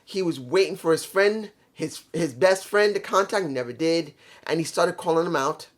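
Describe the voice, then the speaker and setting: A show reviewer rants through a casual monologue, swearing freely and giving blunt opinions. His voice is fairly high and animated, moving at normal speed, and he describes it as worn and messed up.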